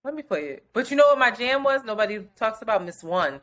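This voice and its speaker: A young woman co-hosting a podcast, chatting casually in an animated, gushing way with frequent laughter. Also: a little high, quick pace. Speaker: podcast co-host. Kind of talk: casual chat.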